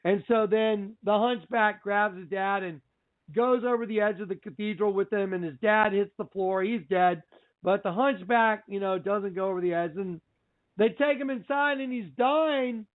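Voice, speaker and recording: A man hosting a radio show, retelling a movie scene by scene in an animated, repetitive, preachy way. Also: high-pitched, moderate pace. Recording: tinny phone-line sound.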